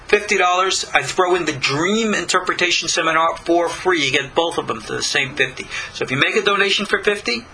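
Older man, spiritual teacher, very bright tone, slightly high voice, slow pauses. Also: rough recording. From Long Island, New York. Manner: slow, deliberate, pausing between phrases. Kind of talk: recorded spiritual lecture.

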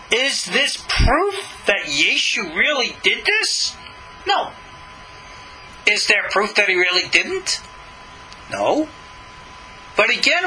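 A man teaching scripture with a high, lively voice that leaps up and down as he stresses words. His tone is sharp and very bright, and he stretches out key words for effect. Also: a little hiss or hum, poor audio. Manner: animated, swooping emphasis, stretches key words. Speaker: Jewish religious teacher. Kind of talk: lecture commenting on scripture.

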